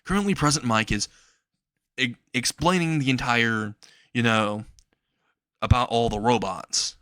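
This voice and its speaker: A young man improvising a fan-made anime story aloud, rambling and restarting as he goes. His voice is mid-pitched and the recording sounds dry and close. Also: a little slow, bright, forceful tone, no echo. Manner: rambling, many fillers and restarts, laughs at own story.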